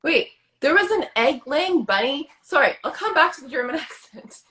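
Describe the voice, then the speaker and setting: A woman's voice: high-pitched, expressive, normal speed, bright, forceful tone. A middle-aged woman co-hosting a podcast in easygoing, giggly casual chat over a video call. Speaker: podcast co-host.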